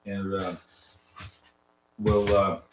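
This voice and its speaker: A man's voice: low-pitched, monotone, very slow, a little hiss or hum. A man with a nasal voice, giving loose, chatty live trading commentary to viewers as a coach, with lots of fillers and restarts. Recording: roomy echo.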